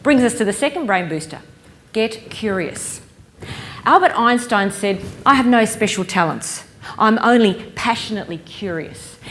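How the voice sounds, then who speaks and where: A woman giving a lively conference keynote, engaging the audience with stories and questions. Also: on the high side, slight background noise. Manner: lively, playful storyteller who engages the audience. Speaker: keynote speaker. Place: conference hall stage.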